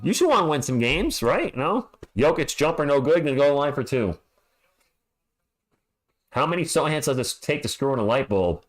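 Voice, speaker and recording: Dude streaming fan play-by-play from home, gets fired up, pitch jumps all over. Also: male voice, normal speed. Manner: excitable, talks to chat, yells at the team. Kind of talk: live fan play-by-play commentary. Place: alone at home.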